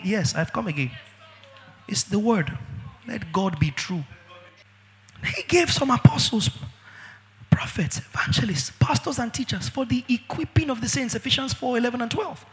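A man preaching a sermon as pastor, emphatic, with sudden shouts and drawn-out words. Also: very high-pitched, sing-song, long reverb tail, faint music behind.

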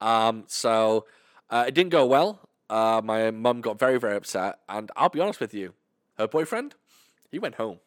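Lively British man telling a story. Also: fairly low pitch, normal speed, no echo, clean studio sound. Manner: animated, sweary storytelling. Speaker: podcast co-host. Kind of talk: casual chat.

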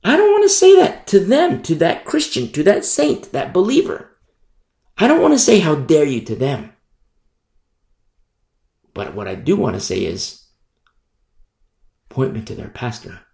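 A man preaches a sermon at an unhurried pace, hammering on repeated phrases. His voice rises on key words and then sinks low and quiet. The sound rings with the echo of the room. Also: very animated, creaky. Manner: emphatic, repeats phrases with rising then dropping voice.

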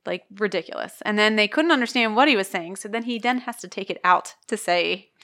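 A woman in casual podcast talk about a film, animated, laughing and mimicking the characters. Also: mid-range voice, a little fast. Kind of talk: casual movie discussion.

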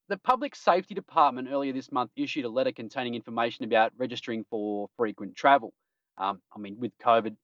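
A man's voice: mid-range voice, dry recording. A man hosting a casual podcast news roundup, joking and laughing at his own jokes. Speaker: podcast host. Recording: dull dry lo-fi recording.

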